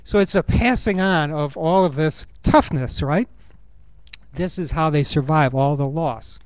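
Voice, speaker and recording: A man's voice: a little high, clear, resonant tone, no room sound. Earnest man giving a talk. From United States. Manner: earnest, musing, thinks aloud with pauses and fillers. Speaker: conference speaker. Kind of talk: reflective conference talk. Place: university conference room.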